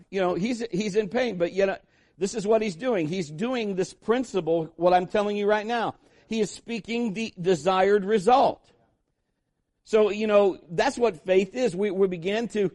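High-voiced emphatic man preaching. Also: a little mellow. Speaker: pastor. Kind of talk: sermon.

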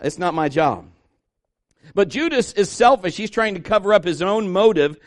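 A man delivering a relaxed, conversational sermon in a slightly higher-than-usual voice. He preaches through folksy stories and keeps throwing rhetorical questions at his listeners. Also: moderate pace.

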